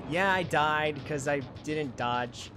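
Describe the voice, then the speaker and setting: A man streaming a flight game live, joking, greeting viewers and reacting excitedly as he plays. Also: a little high, slow. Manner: joking, excitable, talks to chat. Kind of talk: casual live game commentary. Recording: game music playing behind.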